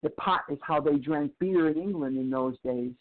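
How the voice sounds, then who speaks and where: Male recovery speaker with a high voice who tells stories and drives points home by slow repetition; thin, phone-like recording. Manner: slow, emphatic repetition of phrases. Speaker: twelve-step recovery speaker. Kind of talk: storytelling lecture. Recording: tinny phone-like sound.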